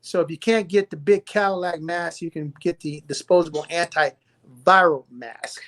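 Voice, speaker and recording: Southern-accented man, doctor guest on a live stream, forceful and preachy, hammers points twice. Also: a little high, moderate pace. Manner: emphatic, lecturing, repeats points for stress.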